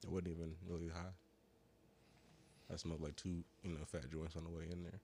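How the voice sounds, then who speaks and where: A man telling a long, profane story in casual podcast chat, rambling, full of slang and sounding high. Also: flat delivery, normal speed, warm tone, a little hiss or hum. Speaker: podcast co-host.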